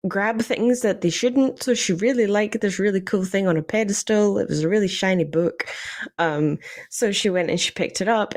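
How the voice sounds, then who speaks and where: Animated Scottish woman telling stories. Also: fairly low pitch. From Scotland. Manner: animated, laughs often, many fillers. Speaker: podcast guest, D&D player. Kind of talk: casual chat, storytelling.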